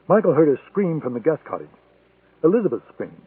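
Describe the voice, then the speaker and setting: A man reading a thriller audiobook in a steady, measured way. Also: a little high, husky, no room sound. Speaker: audiobook narrator. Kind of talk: scripted thriller narration. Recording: tinny phone-like sound, dry.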